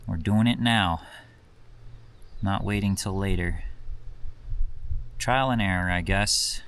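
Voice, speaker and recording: A low-pitched, slightly bright male voice speaks slowly with fairly even intonation. He's a vlogger chatting casually to the camera on a desert hiking trail, tired after a long hike and a bit self-deprecating.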